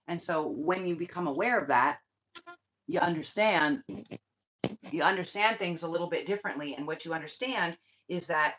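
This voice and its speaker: A woman's voice: lowish voice, fairly bright tone. A woman hosting a spiritual livestream, talking bluntly and swearing often as she rants to her viewers. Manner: blunt, profane, ranting. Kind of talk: casual livestream chat. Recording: dull lo-fi livestream audio.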